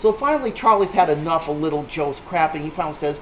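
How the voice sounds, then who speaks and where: A man's voice: on the high side, lively intonation, quick pace, slight background noise. A man telling a rambling, salty anecdote to a small group, with a punchline-driven delivery. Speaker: storyteller. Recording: echoey room on a tinny lo-fi line.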